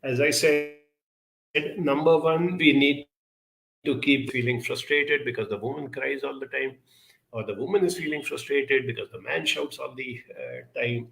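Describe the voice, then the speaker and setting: Man, advice talk, earnest and measured, gravelly voice, echoey room. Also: medium pitch, a bit bright. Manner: measured, earnest, builds lists with many pauses and fillers. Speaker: speaker answering audience questions. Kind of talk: advisory talk on relationships and emotions.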